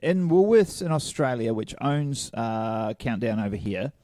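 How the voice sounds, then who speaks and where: A man's voice: medium pitch, a little slow, mellow. A man co-hosting a casual podcast, hungover, rambling and self-deprecating, laughing often. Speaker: podcast co-host. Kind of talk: casual chat.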